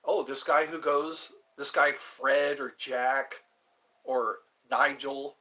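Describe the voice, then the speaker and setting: A man's voice: mid-range voice, steady tone, slow, sharp tone. A middle-aged man hosting a rambling live chat, joking around and putting on mock voices. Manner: joking, sings lines, mock accents. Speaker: livestream host.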